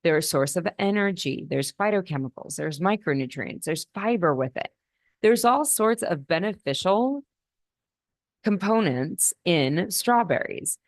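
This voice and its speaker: A woman physician gives a teaching talk on nutrition in a low voice. She explains step by step and sometimes restarts a phrase. The sound is dry and close. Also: expressive, dry recording. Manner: explanatory, with frequent restarts and slow emphasis. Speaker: physician and podcast host.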